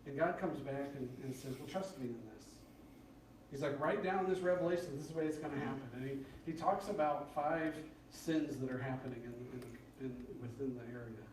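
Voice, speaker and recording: A man preaching a conversational sermon, acting out prayers and complaints in a lively, rising voice. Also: a little fast, hardly any pauses, slight background noise. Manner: conversational, acts out prayers with rising excited pitch. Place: church sanctuary. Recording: very echoey church from far off.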